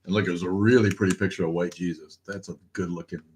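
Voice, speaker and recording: A man's voice: sits low, steady tone, fast, a little mellow, a little hiss or hum. A man hosting a casual livestream chat, telling loose stories, laughing often and swearing freely. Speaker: podcast host.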